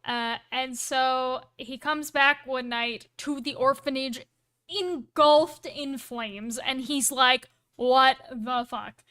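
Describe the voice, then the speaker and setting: A woman with a high, bright and smooth voice chats casually on a live stream. She rambles through stories with plenty of asides and self-corrections, and she is playful and quick to poke fun at herself. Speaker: livestreamer.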